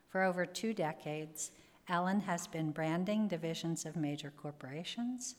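A woman host formally reading a speaker's introduction at an event. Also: lowish voice. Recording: reverberant hall.

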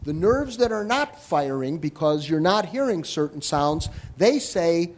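A man giving a live talk to an audience on hearing and listening, explaining in an animated way with joking asides. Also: high-pitched, takes it slowly, hardly any pauses. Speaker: hearing health lecturer.

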